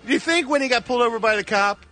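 A man's voice: extremely high pitch, racing, sharp tone, faint music behind. A man reporting entertainment gossip on a radio show, with sarcastic and playful banter into a studio microphone.

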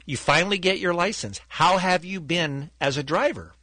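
A man's voice: high-pitched, moderate pace, pushed and bright, dry recording. A man co-hosting a radio show, firing incredulous questions at callers in casual banter.

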